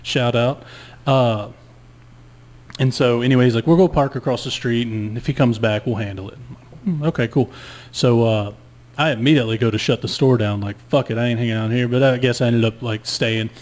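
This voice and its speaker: A man's voice: mid-range voice, steady tone, fairly quick, darkish tone. A man telling a long story in casual podcast chat, laid-back and profane. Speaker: guest storyteller.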